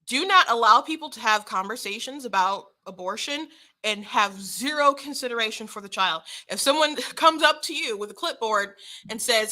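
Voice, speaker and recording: A young woman hosting casual political commentary, talking frankly with quick restarts and short laughs. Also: on the high side, expressive, sharp tone.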